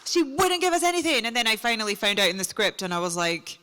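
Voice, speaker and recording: A woman's voice: a little high, very animated, quick pace, sharp tone. Chatty Scottish woman in an echoey hall. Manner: chatty, self-deprecating, laughs often. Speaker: guest actor. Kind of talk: casual convention Q&A. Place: large convention main stage.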